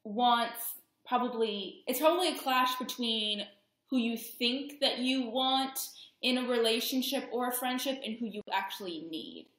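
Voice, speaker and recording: A young woman with a fairly high voice chats about astrology in a loose, giggly way. She slips into playful voices as she jokes. The sound carries the echo of a bare room. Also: unhurried, fairly bright tone. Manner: giggly, acts out voices with a laugh. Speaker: astrology podcast co-host. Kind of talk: casual chat, joking chart reading.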